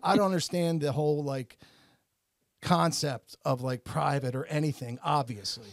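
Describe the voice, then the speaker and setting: A man's voice: a little high, steady tone, moderate pace, gravelly, dry recording, clean studio sound. A man in his forties, co-hosting a podcast, tells a long story in a rambling way, full of restarts and "like"s. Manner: rambling, self-interrupting, many restarts and "like"s. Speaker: podcast co-host. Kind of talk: casual storytelling chat.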